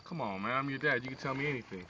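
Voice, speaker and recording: A man's voice: medium pitch, racing, pushed and bright, a little hiss or hum, natural voice. A man voicing an easygoing, friendly father who talks in a laid-back, coaxing way, on a distant lo-fi phone video.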